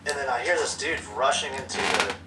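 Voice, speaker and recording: A man's voice: medium pitch, expressive, brisk, far from the mic, heavy background noise. A man guesting on a podcast, telling a crude anecdote in casual chat. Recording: roomy, off-mic, crowd behind.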